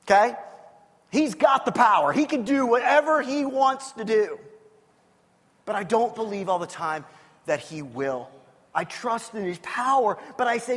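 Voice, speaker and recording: A man's voice: extremely high pitch, animated, normal speed. A man preaching a sermon as pastor, earnest and repetitive, often restarting his words. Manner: earnest, repetitive, stumbles and restarts, bursts to shouting. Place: church hall. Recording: long reverb of a large hall.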